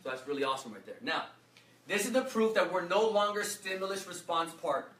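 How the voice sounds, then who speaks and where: A man giving an energetic workshop talk, often quizzing the audience with fill-in questions. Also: high-pitched, a little fast. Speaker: workshop speaker. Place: echoey workshop room. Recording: roomy echo, mic from far off, faint noise.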